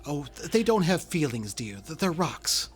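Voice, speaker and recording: A man voicing a timid, fussy human mother who stammers in a hushed voice. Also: on the high side, big pitch swings, moderate pace, slightly rough, faint music behind. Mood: nervous.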